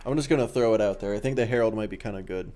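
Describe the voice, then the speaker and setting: A man's voice: on the low side, rapid-fire, warm tone. Young Aussie streamer, easygoing and jokey, cursing casually while he plays. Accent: Australian. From Australia. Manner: laid-back, joking, swears freely, chats with viewers. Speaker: game streamer. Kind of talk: casual chat while gaming.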